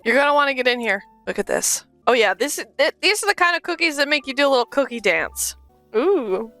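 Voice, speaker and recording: A woman's voice: high-pitched, animated, fairly quick, sharp tone, no room sound, faint music behind. A woman hosting a cooking stream in her home kitchen, talking in a joking, crude and playful way. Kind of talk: casual irreverent cooking commentary.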